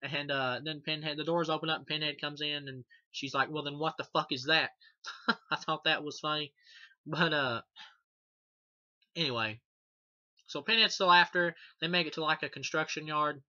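A man's voice: on the high side, fairly even intonation, normal speed, pauses often, pushed and bright, dry recording. A man reviewing a horror movie in casual, rambling talk, swearing a lot and laughing at the film. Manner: rambling and profane, many fillers and restarts. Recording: dull, dry lo-fi sound.

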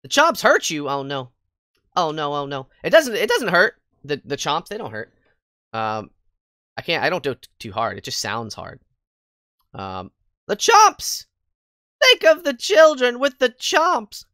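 A woman livestreaming a game, chatting with viewers in a bubbly, goofy way, jumping between squeals and quiet mutters. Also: sits low, sing-song, normal speed, long pauses, no room sound, studio quality. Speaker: VTuber game streamer. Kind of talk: casual livestream chat with viewers. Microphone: headset mic. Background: faint game music.

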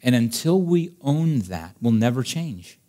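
A man's voice: mid-range voice, very animated, measured pace, warm tone. A male pastor preaching a sermon to his congregation, emphatic and direct, full of rhetorical questions. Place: church service before a congregation.

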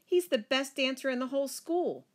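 A woman's voice: medium pitch, animated, a little slow, fairly bright tone. A woman voicing a spirited young girl who squeals and stands up defiantly to her brother in a read-aloud story. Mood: excited.

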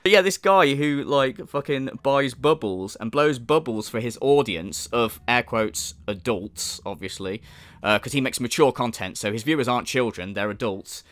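A man's voice: mid-range voice, expressive, normal speed, a bit bright, no room sound. A man hosting a mocking commentary, sarcastic and sweary, often mimicking others in exaggerated voices. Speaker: commentary channel host.

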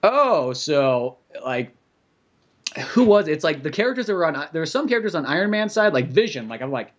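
A man's voice: a little high, very animated, brisk, dull audio. A man co-hosting a podcast in casual chat, rambling and swearing freely. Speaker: podcast co-host.

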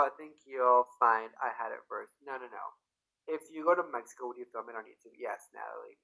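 A man's voice: mid-range voice, normal speed, vocal fry, sharp tone, poor audio. A young man from Canada hosting a casual livestream, reading viewers' comments aloud and chatting with them in a bubbly, effusive way. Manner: bubbly and effusive, bursts into squeals. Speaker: livestream host.

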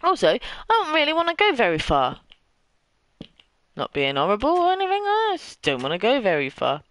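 A man's voice: extremely high pitch, huge pitch swings, fairly quick, a bit bright, dry recording, rough recording. A young British man with a slight lisp, chatting casually and rambling in a self-deprecating way while streaming a game live. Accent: British English. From Britain.

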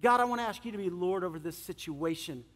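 A middle-aged male pastor preaching a sermon, animated, swinging between loud emphasis and soft, earnest moments. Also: high-pitched, fast talker. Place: church sanctuary. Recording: long church hall reverb.

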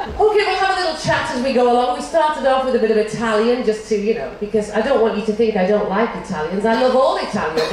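A woman's voice: medium pitch, distant mic, noisy background. An older woman, a cruise ship entertainer, doing bawdy stand-up and teasing the crowd on stage. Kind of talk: stand-up comedy and singing on stage. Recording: echoey live hall, band and crowd.

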